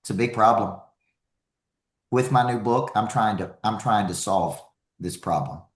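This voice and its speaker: A man giving an energetic, emphatic live motivational talk as a speaker and coach, repeating key lines for effect. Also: on the low side, unhurried, roomy sound.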